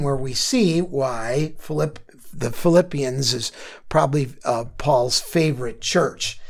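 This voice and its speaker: A man leading a Bible study lesson, reading verses aloud and then explaining them in an earnest, halting way with many fillers. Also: mid-range voice, vocal fry.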